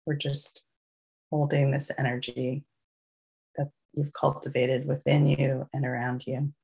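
A meditation teacher with a New York accent, guiding a slow, soothing loving-kindness meditation and gently inviting listeners along. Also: medium pitch, flat delivery, vocal fry, breathy edge.

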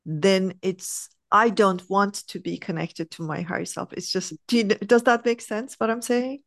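A woman's voice: medium pitch, dry recording. Woman spiritual coach, dry close sound. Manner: animated storyteller, acts out quotes; slows down to stress points. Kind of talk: casual spiritual conversation.

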